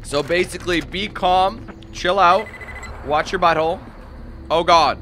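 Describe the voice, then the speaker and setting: A man giving casual, excitable gameplay commentary, swearing often and yelling when things go wrong. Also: sits high, measured pace, slight background noise. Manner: excitable, swears a lot, yells when panicked. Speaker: let's play commentator.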